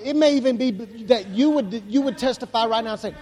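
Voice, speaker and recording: Male pastor, very high voice, emphatic preaching with repetition, long hall reverb. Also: fast talker, hardly any pauses, darkish tone. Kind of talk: sermon. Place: church.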